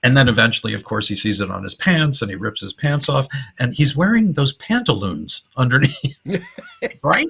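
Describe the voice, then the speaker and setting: A man's voice: medium pitch, sing-song, moderate pace, gravelly, fairly bright tone, husky. A middle-aged man hosting a podcast, casually and enthusiastically retelling old comedy film scenes and laughing often. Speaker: podcast host.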